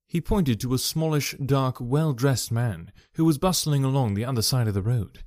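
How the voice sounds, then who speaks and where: A man narrating a classic detective story with steady storytelling. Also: medium pitch, normal speed, few pauses, no echo, studio quality. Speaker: audiobook narrator.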